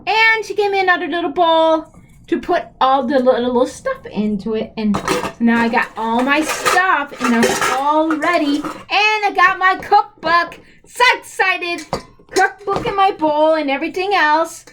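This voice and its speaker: A woman with a high, light voice rambles along like an eager child, stopping and restarting with lots of ums. She is excitable and giggly, and she has a slight cold. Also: moderate pace, background noise. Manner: breaks into giggles. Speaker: storyteller character.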